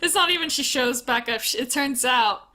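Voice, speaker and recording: A woman's voice: sits high, normal speed, sharp tone. A young adult woman co-hosting a podcast, chatting casually, swearing often and laughing a lot. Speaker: podcast co-host. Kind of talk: casual chat.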